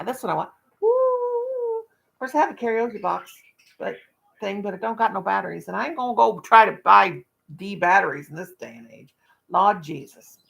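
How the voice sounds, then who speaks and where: A woman's voice: mid-range voice, creaky, fairly bright tone. A woman hosting a casual live stream from her home in the country, rambling and joking in a folksy way.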